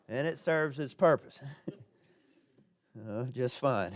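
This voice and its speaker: A man's voice: mid-range voice, extremely slow, long pauses. A man with a Southern US accent, a park ranger giving a folksy, self-deprecating history lecture to a live audience.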